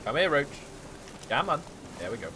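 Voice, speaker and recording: A man's voice: on the high side, sing-song, normal speed, noisy background. A man streaming a video game, joking and teasing through playful commentary. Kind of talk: gameplay commentary.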